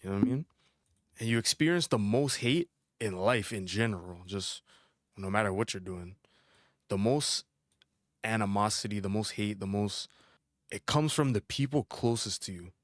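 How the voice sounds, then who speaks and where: Low-voiced young man reacting to music. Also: normal speed, pauses often, no room sound, studio quality. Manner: animated and chatty, with slang and frequent laughs. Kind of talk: casual album reaction commentary.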